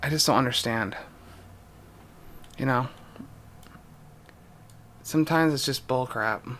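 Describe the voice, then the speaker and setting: A young man in an emotional vlog confession, distressed and near tears, speaking haltingly with pauses and a voice that drops. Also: mid-range voice, fairly bright tone, a little hiss or hum. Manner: halting, pausing, voice dropping. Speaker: YouTuber.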